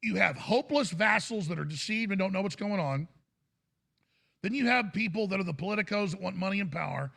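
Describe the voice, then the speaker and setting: A fervent male talk show host in full rant, his voice high and heavily gravelly. The tone is bright and forceful, and his delivery is urgent and impassioned. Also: expressive, brisk. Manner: ranting, fervent, bursts into shouted impressions.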